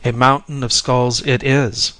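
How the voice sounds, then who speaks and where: A man voicing a calm, gentle sage who speaks softly and reassuringly in a storybook reading. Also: mid-range voice, no echo. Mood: serene. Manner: soft, unhurried, reassuring.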